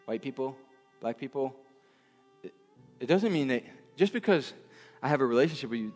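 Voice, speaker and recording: A man's voice: high voice, big pitch swings, moderate pace, a bit bright, long reverb tail, faint music behind. A man preaching a sermon in a church, emphatic and repetitive, often restarting his phrases.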